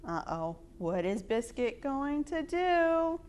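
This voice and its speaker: A woman hosting storytime, reading picture books aloud to children in an expressive, sing-song way. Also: medium pitch, takes it slowly, hardly any pauses. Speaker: storytime reader.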